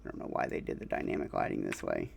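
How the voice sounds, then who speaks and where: A man narrating as game master in a casual, halting way, often pausing on fillers. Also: extremely low pitch, gravelly, a little hiss or hum.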